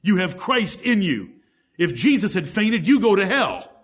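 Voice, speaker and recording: A man's voice: sits high, big pitch swings, a little slow, a bit bright, husky. A man preaching a sermon as pastor, emphatic, with rhetorical questions and lists of scripture examples.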